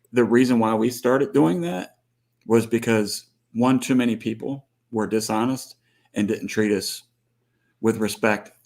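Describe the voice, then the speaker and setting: A rancher talking earnestly and plainly in a casual live chat. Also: male voice, on the low side, darkish tone.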